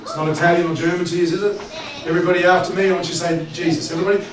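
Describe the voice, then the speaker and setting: A man preaches with lively, joking, conversational energy, his voice sitting a touch high. He is heard from a distance in a very echoey church hall with clear background noise. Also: very fast, crowd noise. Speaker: pastor. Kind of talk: sermon.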